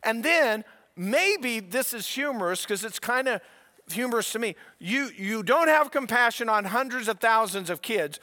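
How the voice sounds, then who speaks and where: Emphatic high-voiced male preacher. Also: animated, normal speed, big-room sound. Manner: emphatic, swings between quiet asides and raised points. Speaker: pastor. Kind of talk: sermon.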